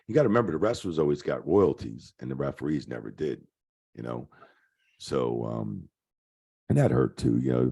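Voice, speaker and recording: A man's voice: a bass voice, vocal fry, warm tone, breathy edge. A middle-aged man, a retired referee, telling rambling stories in a casual interview, full of fillers and swearing. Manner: rambling, profane, lots of fillers. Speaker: guest, retired wrestling referee.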